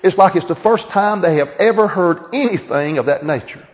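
A man's voice: high-pitched, lively intonation, moderate pace, big-room sound, dull audio. A male pastor preaching a sermon in church, repeating key lines for emphasis and acting out quoted voices.

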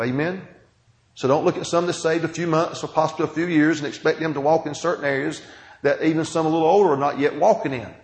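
A man preaching a sermon, calling out "Amen?" to the congregation and swinging from quiet, slow teaching to loud, emphatic reading. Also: on the high side. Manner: call-and-response preaching, asking "Amen?". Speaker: pastor. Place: church sanctuary. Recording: echoey church hall.

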